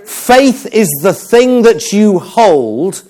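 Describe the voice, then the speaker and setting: Man, preacher, sermon, animated, slightly high voice. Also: extremely slow. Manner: animated, humorous preaching with dramatic quiet passages.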